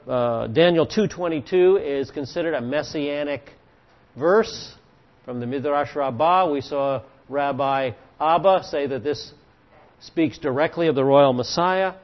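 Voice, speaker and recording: A man teaching a Bible study class, speaking in a measured, halting way with fillers and restarts. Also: on the high side. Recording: dull lo-fi recording.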